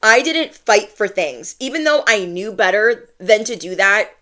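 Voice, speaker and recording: A woman's voice: medium pitch, unhurried. A young woman talks straight to her audience in a casual storytelling vlog. She is blunt and full of slang. She slips into the voices of the people in her story as she goes. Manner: animated, acts out quoted voices, slangy and blunt. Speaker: spiritual content creator.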